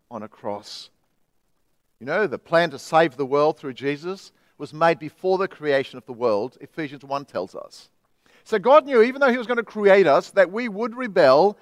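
A man's voice: fairly high pitch, no room sound. A middle-aged man with an Australian accent, preaching an earnest, emphatic sermon as pastor.

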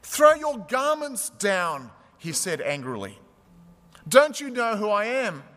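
A man's voice: sits high, huge pitch swings, slow, fairly bright tone, in a large hall, voice pushed up, exaggerated voice. A man voicing a proud, indignant young male donkey in a storybook tale told from the pulpit, with a huffy, self-important manner.

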